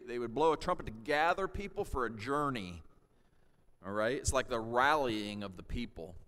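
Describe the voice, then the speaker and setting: A man teaching a sermon and reading scripture, pausing to check in with his listeners with "okay?" and "all right?" and rising to loud shouts for emphasis. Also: mid-range voice. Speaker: pastor. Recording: long hall reverb.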